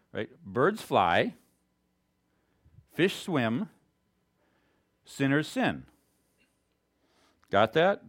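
A male pastor giving a conversational, emphatic sermon. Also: medium pitch.

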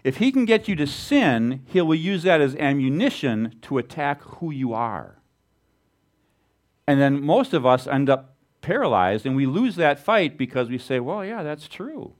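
A man preaching a sermon as a pastor, animated and asking the congregation rhetorical questions. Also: mid-range voice, normal speed.

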